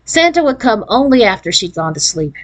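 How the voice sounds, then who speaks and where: A woman reading a children's chapter book aloud in an expressive storybook cadence. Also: a little high, fairly quick, poor audio. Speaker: read-aloud narrator.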